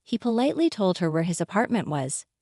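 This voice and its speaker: A woman narrating a scripted first-person story in a steady, matter-of-fact reading voice. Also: lowish voice, a little fast, no room sound, studio quality.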